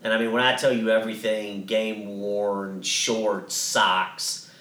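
A man's voice: lowish voice, little pitch movement, takes it slowly, fairly bright tone, roomy sound, far from the mic. A man co-hosting a podcast, telling a story in a casual, rambling way with many restarts and some swearing. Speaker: podcast co-host.

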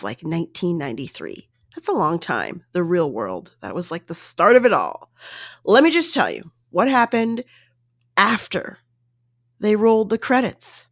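A woman podcast host talking chattily and casually, her pitch leaping around as she acts out what others said. Her voice is close and dry, with no room sound. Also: dry recording. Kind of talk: casual solo podcast recap.

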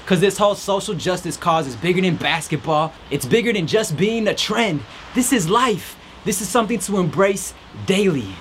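A man's voice: sits high, expressive, normal speed, fairly bright tone, a little hiss or hum. A man hosting a podcast, giving an upbeat faith-based pep talk outdoors in the rain. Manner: preachy and upbeat, with a mock reporter voice at times. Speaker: podcast host. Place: outdoors in a storm. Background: rain and faint music.

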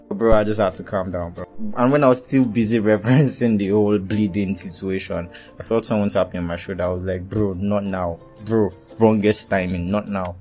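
A young man with a Nigerian accent telling a wild personal story in a lively, profane way, dropping into Pidgin and Yoruba. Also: fairly low pitch, fairly quick, soft background music. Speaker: vlogger. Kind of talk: casual storytelling.

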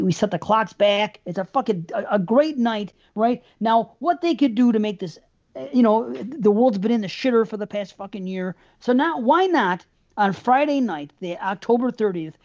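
A woman's voice: fairly high pitch, warm tone. A woman co-hosting a podcast, ranting heatedly in casual talk, swearing constantly and repeating words. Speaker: podcast co-host. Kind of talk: casual profane rant. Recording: dull lo-fi sound.

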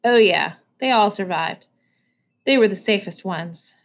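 A calm, fearless teenage boy from a farm crew, as a woman reading aloud puts him on, speaking plainly and matter-of-factly. His voice sits slightly lower and quieter than the narration. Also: measured pace.

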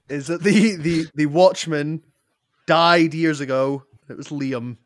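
A man co-hosting a podcast, amused, making slow casual remarks. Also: fairly high pitch, no echo, studio quality. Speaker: podcast co-host. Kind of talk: casual banter.

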